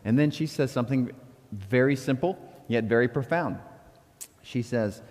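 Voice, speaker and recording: A man's voice: mid-range voice, moderate pace, darkish tone. Middle-aged oklahoma pastor, candid and self-deprecating, chuckles through his stories, voice rings out in a big church hall. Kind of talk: sermon. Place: church sanctuary. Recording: long reverb of a church hall.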